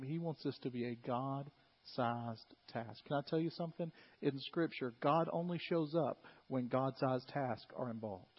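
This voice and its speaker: A pastor preaching a sermon, animated and conversational, retelling scripture and acting out its figures in asides. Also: male voice, mid-range voice, breathy edge. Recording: long hall reverb, dull lo-fi sound.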